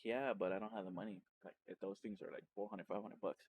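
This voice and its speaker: A man's voice: on the low side, fast talker, a little hiss or hum. Rambling man telling his streaming story. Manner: rambling, with many restarts and self-corrections; animated when retelling excited moments. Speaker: streamer and podcast host. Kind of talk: casual personal storytelling.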